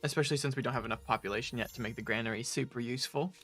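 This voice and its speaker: A man's voice: mid-range voice, rapid-fire, a bit bright, faint music behind. A young man from the West Coast of the United States in his twenties, casually chatting on a game livestream, laughing often and reading out chat messages. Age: 20s. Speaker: stream co-host.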